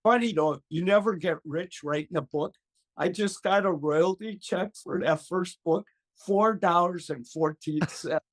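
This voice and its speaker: Lively older man telling stories. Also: sits high, measured pace. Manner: lively storyteller, acts out voices, laughs often. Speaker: gardening expert guest. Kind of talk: animated storytelling in an interview.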